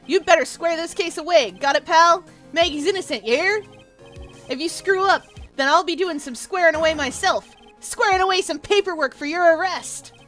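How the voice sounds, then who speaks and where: Brief: woman playing a gruff, blustery male cop, loud and pushy, a bright high voice, soft music under it. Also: moderate pace. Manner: blustery, calls people pal. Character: gruff bossy male police detective.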